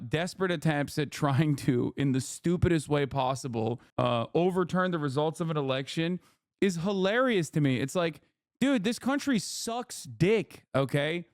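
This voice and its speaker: A man's voice: on the high side, clear, resonant tone, no room sound. A man reacting to a video as a streamer, ranting in casual, profane, sarcastic commentary on a close mic.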